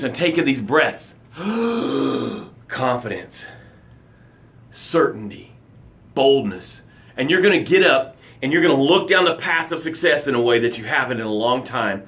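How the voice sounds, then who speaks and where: A man hosting a live motivational broadcast as a coach, talking energetically and reading out viewer comments. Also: fairly high pitch. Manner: energetic, animated, reads viewer comments aloud.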